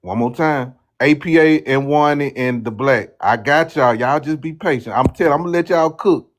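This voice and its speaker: Young male streamer, mid-pitched, casual, bossy moderator. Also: moderate pace. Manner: relaxed and rambling alone, loud and commanding when moderating. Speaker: live-stream host. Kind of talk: casual live-stream talk.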